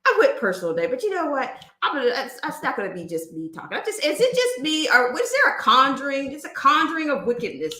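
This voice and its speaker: Lady host on a rant, high voice, lots of room echo, keeps throwing questions at chat. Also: wildly swooping pitch, quick pace, few pauses, sharp tone. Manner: emphatic, fires rhetorical questions. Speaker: livestream host. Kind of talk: casual livestream rant.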